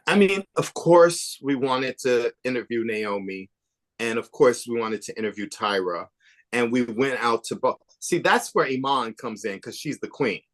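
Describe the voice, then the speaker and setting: An animated male guest in relaxed interview chat, telling behind-the-scenes stories like gossip. He swings from emphatic, rising bursts to hushed, confiding asides, and his pitch sits in the middle of the usual range for a man. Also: normal speed. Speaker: podcast guest, author and documentary maker.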